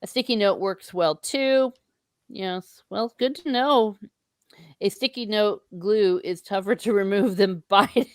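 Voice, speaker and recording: A woman's voice: mid-range voice, no echo, clean studio sound. A woman hosting a casual book discussion, chatty and full of fillers as she reads chat comments aloud. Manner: chatty, lots of likes and laughs.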